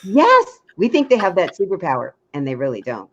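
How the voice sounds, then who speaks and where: A woman dating coach giving frank, lively advice in a casual chat, acting out little quotes. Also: sits low, fast, dull audio, crowd noise.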